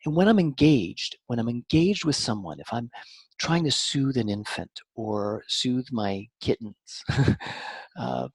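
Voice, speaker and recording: Animated husky man explaining. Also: no echo. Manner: animated, swings from lively to soft and low. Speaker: guest, mind-body practitioner. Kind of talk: conversational explanation.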